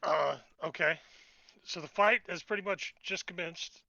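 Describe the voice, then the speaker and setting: A man's voice: high voice, a little slow, vocal fry, pushed and bright, dry recording, dull audio. A man playing a tabletop game, casually and hesitantly describing what his character does. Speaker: player.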